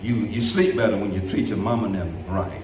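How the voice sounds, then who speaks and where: A middle-aged male pastor preaching a sermon in a church, talking in a loose, colloquial way and swinging from low, quiet stretches up to shouted peaks. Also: brisk, far from the mic, a crowd in the background. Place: church sanctuary. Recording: echoey room, preacher off the mic.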